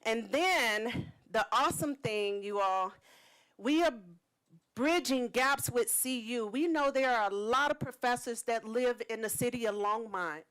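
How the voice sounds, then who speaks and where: A woman's voice: fairly high pitch, unhurried, fairly bright tone, low-quality recording. A woman speaking at a city council meeting, earnest and close to tears as she thanks the council for supporting her community event. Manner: heartfelt, earnest, slightly tearful. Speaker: event organizer speaking at public comment. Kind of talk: emotional public comment speech.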